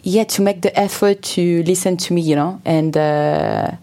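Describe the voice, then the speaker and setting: Woman musician chatting in english, not her first language, warm low voice, lots of likes and uhs. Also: fairly even intonation, normal speed. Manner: searching for words, frequent fillers. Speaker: musician guest. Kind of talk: casual interview chat.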